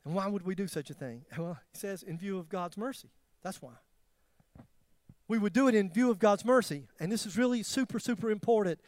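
High-voiced man preaching with swinging intensity. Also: brisk, dry recording. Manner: animated, swings from loud emphatic questions to near-whispered tenderness; self-deprecating humor. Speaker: pastor. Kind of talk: sermon.

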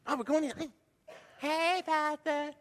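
A middle-aged male pastor preaching a sermon, telling stories with animated swings between loud and hushed delivery. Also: very high-pitched, slow pace. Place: church sanctuary. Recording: long hall reverb.

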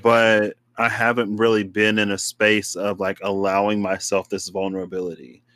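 A young man in casual chat who laughs often and jumps into high, excited voices when he tells a story. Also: normal speed.

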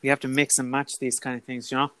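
A man's voice: mid-range voice, little pitch movement, fast talker, bright, forceful tone, clean tone. Enthusiastic rambling podcast guest man. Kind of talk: casual podcast chat.

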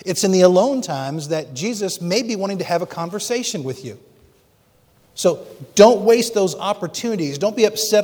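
A man's voice: on the high side, a little mellow, in a large hall. A male pastor from Pennsylvania preaching a conversational sermon full of rhetorical questions.

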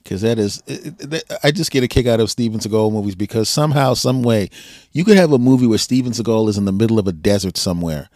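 A man hosting a podcast interview, talking in a laid-back way with frequent chuckles and pauses. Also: lowish voice, animated, a little mellow, dry recording, clean studio sound. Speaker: podcast host. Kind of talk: casual interview chat.

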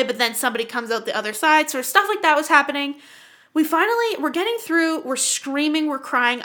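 A young woman from Canada, co-hosting a podcast, telling a story in an animated, profane way and acting out the voices. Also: sits high. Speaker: podcast co-host. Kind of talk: casual storytelling chat.

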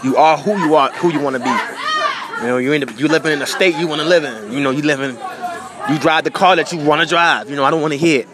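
A man's voice: a little high, fast, crowd noise, background noise. A man with a New York accent, talking casually and motivationally on a live stream in loose slang.

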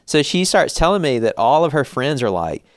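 A man in his forties co-hosting a church podcast, a jokey, animated storyteller who laughs often. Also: mid-range voice, moderate pace, no room sound, clean studio sound. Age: 40s. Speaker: podcast co-host. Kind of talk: casual church podcast chat.

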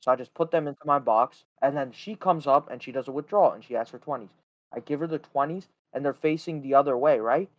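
A man's voice: mid-range voice, fast, muffled recording. A young man co-hosting a podcast who chats casually, swears and keeps saying "bro" and "right?". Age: young adult. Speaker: podcast co-host. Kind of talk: casual chat.

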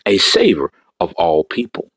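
Male preacher, fervent sermon, husky, dry close recording. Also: low voice, wildly swooping pitch, a little slow, a bit bright, dry recording. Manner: fervent, exclamatory, repeats phrases, bursts into tongues.

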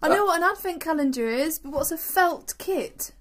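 English woman, podcast co-host, wry, giggly, high voice. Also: animated, moderate pace. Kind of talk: casual chat.

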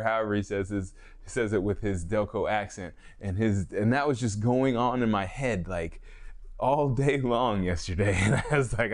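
A man's voice: fairly low pitch, a little mellow. A man hosting a casual solo fitness podcast, talking in a rambling way, correcting himself and chuckling often. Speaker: podcast host, fitness trainer.

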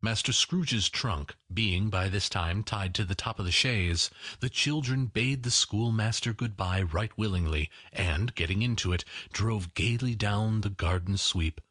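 Male audiobook narrator, low husky voice, slow, lively pitch, dry close mic. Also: dry recording. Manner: unhurried, expressive reading. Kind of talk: scripted narration of a classic story.

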